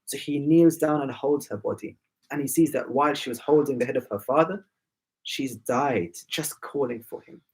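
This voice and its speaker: Man, preacher storytelling for kids, emotive, talks straight to them, raspy gravelly edge. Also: mid-range voice, normal speed, darkish tone, low-quality recording. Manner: emotive, addresses the children directly. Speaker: speaker at a children's majlis. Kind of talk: sermon storytelling to children.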